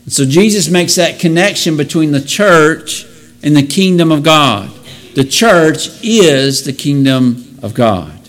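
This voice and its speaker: A man's voice: a little high, lively intonation, unhurried. A man teaching a Bible lesson in an explanatory way, asking rhetorical questions and correcting himself as he goes. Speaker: preacher.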